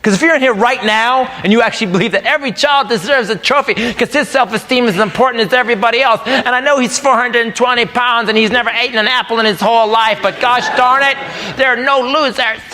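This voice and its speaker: A man's voice: extremely high pitch, quick pace, hardly any pauses. A man doing a stand-up comedy routine on stage, ranting in an exasperated, mock-patriotic way. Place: comedy club stage before a live audience. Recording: live show with loud audience laughter.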